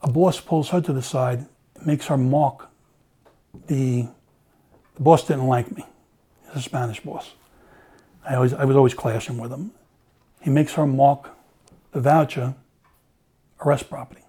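A man's voice: mid-range voice, steady tone, measured pace, pauses often, warm tone, breathy edge. A middle-aged man, a former police officer, telling a story in casual conversation, acting out the dialogue and swearing freely.

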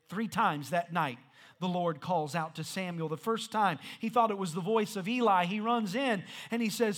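A male pastor preaching a sermon in rhythmic, repeated phrases that build to shouted peaks. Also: high voice, moderate pace.

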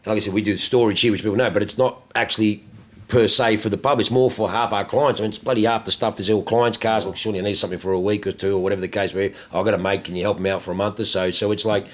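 An Australian man with a fairly low voice talks loosely and with plenty of profanity as he hosts a relaxed chat. He tells his stories animatedly and keeps the conversation rolling. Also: racing. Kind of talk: casual chat.

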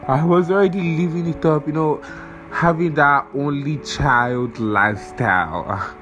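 A man's voice: mid-range voice, animated, measured pace, bright, forceful tone, soft background music, low-quality recording. A young man hosting a podcast, rambling casually, swearing often and losing his train of thought while he has a cold. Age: young adult. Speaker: podcast host.

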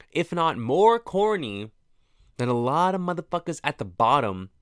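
A man's voice: lowish voice, fairly bright tone, clean tone, dry recording, clean studio sound. A man talking to camera in a rambling, profane, reflective monologue that keeps interrupting itself. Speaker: vlogger. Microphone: camera mic, close.

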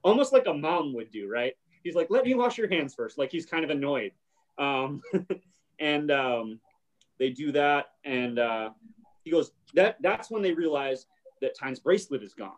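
A man's voice: fairly high pitch, animated, unhurried. A man hosting a casual chat and retelling a show scene, briefly acting out the characters' lines. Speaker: podcast host.

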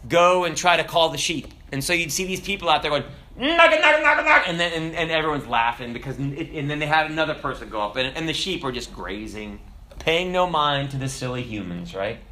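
A man preaching a sermon in a conversational, animated storytelling manner, with frequent asides to his listeners. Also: a little high.

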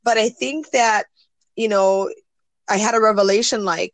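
Speaking at a normal speed in a mid-range voice with fairly even intonation, a woman in her forties recounts a personal story as an interview guest. She's earnest and acts out quoted voices, and the casual conversation is recorded with no room sound.

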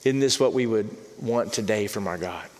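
A man preaching a sermon as pastor, earnest, repeating words and dropping softly for emphasis. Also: on the low side, normal speed. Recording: long reverb of a large hall.

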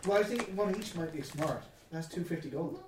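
A man's voice: on the high side, expressive, normal speed, background noise. A man playing a tabletop game, casual and teasing. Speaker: player. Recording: echoey room, off-mic, faint background.

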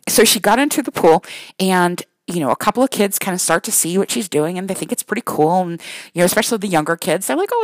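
A woman's voice: medium pitch, no echo, rough recording. A mother telling a story casually, rambling with many restarts, self-deprecating and laughing along.

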